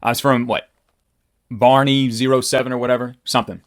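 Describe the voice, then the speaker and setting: A man's voice: medium pitch, level tone, a little fast. A man talking to camera as a copywriting coach, in a casual, blunt, rambling motivational style with loose fillers.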